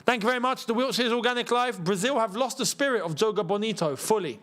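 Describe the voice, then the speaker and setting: Lively young man hosting a match watchalong. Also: high voice, quick pace. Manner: excitable, chatty, reacts loudly to chances. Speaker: football channel host. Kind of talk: live match watchalong chat.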